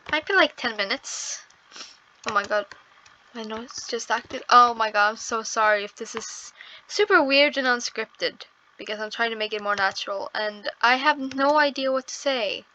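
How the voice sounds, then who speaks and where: A woman's voice: fairly high pitch, normal speed, sharp tone, a little hiss or hum, poor audio. A woman giving casual gameplay commentary on her first video, nervous and apologetic, exclaiming often. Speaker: first-time gaming video creator.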